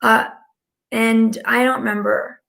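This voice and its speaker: Woman, spiritual channeler, rambling live talk, slightly high voice, vocal fry. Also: flat delivery, takes it slowly, a bit bright. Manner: chatty and rambling, heavy use of "like". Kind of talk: casual live-stream talk.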